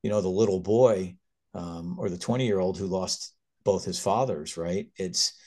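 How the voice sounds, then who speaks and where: A man in his fifties, a physician and guest, telling stories in an animated, earnest way that turns emotional. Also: sits low, normal speed. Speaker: critical care physician, guest. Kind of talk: conversational storytelling.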